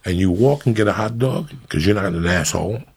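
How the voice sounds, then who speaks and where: A middle-aged man from New Jersey hosting a podcast, telling stories in a profane, animated, ranting way. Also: fairly low pitch, a little fast, husky. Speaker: podcast host. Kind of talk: casual podcast banter.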